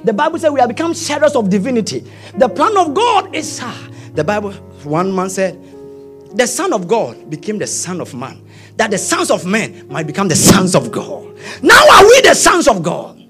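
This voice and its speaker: A man, preaching a sermon, swinging from quiet asides to shouting. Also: high voice, big pitch swings, normal speed, faint music behind. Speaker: pastor.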